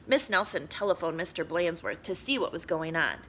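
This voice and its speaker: A woman reading a children's picture book aloud in an expressive, animated way. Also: on the low side, normal speed, few pauses, slight background noise. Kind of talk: storybook read-aloud.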